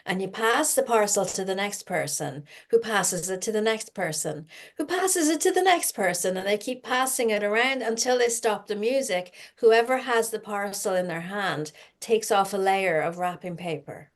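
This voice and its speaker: A middle-aged woman, hosting a casual spiritual healing chat and speaking in a gentle, reflective way. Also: medium pitch, moderate pace, hardly any pauses. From Ireland. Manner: gentle, reflective, talks with her audience. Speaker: spiritual healing podcast host.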